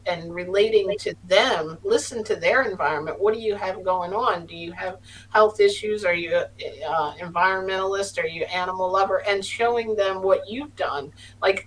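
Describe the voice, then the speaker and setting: A woman's voice: medium pitch, fairly bright tone. A middle-aged woman telling a story as a podcast guest, earnest and rambling, often restarting her sentences. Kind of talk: casual storytelling. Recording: distant mic with faint hum.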